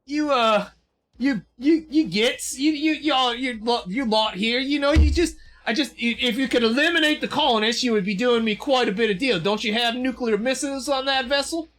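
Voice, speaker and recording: A man's voice: high-pitched, animated, a little slow, fairly bright tone, pitched above the performer's own voice. A man voicing a sleazy, scheming male colonial governor with a stammering, wavering attempt at a British accent that slips toward Australian. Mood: wheedling.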